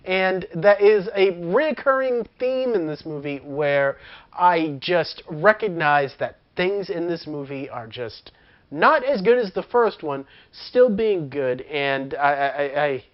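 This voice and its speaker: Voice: medium pitch, expressive, takes it slowly. Chatty film reviewer who laughs often; mid-range voice, dull lo-fi recording. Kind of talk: casual movie review.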